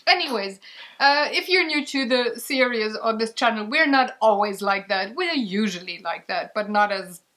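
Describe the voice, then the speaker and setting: A woman's voice: fairly high pitch, lively intonation, normal speed, pushed and bright. A woman hosting a board game vlog, chatting casually with lots of fillers and giggles. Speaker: vlog host. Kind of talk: casual chat.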